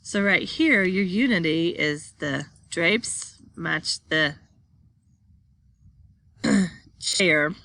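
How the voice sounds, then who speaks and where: A woman's voice: lowish voice, very slow, long pauses, sharp tone, dry recording. A woman teaching a class, reading slide text aloud and then explaining it while pointing at pictures.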